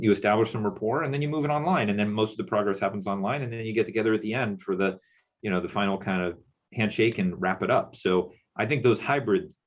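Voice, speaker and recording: Middle-aged male panelist from Texas, deep and husky, rambling thoughtfully over a call. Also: muffled recording. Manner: musing, loose with many fillers. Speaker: presenter. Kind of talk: panel discussion.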